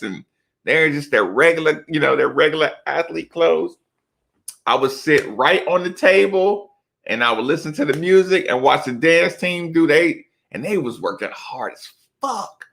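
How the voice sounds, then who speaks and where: Gravelly man telling loose basketball stories. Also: fairly high pitch, a bit bright. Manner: loose, slangy storytelling with lots of asides. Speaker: former college basketball player, podcast guest. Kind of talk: casual storytelling chat.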